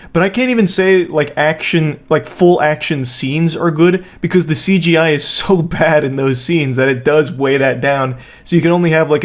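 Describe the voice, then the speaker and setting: A man hosting a casual movie review, talking in a loose, rambling and blunt way. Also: fairly high pitch. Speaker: host.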